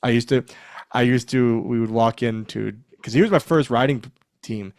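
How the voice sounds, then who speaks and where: A man's voice: medium pitch, normal speed, no room sound, clean studio sound. A man in his forties, a former wrestler, telling backstage stories in a casual interview, acting out quotes and laughing often. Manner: animated storyteller, acts out quotes, laughs often.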